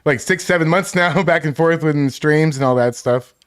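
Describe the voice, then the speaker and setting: A man's voice: fairly high pitch, moderate pace, smooth. A man co-hosting a live stream, joking around, laughing often and stammering over restarts. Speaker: streamer co-host. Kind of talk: casual live-stream banter.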